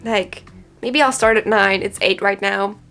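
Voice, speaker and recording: A woman's voice: medium pitch, steady tone, unhurried, a bit bright, soft background music. A woman book vlogger chatting dramatically to camera from her bedroom, often close to tears. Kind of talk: casual chat to camera.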